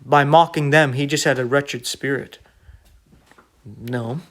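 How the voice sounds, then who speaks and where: A man's voice: mid-range voice, fairly even intonation, slow pace. A man preaching an online sermon in an emphatic, rebuking way, full of rhetorical questions.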